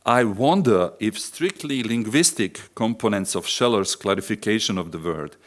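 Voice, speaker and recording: A man with a Bosnian accent, a philosophy lecturer reading a prepared academic talk in a measured, deliberate way with pauses and occasional self-corrections. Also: fairly low pitch, lively intonation. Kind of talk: academic lecture read from a text.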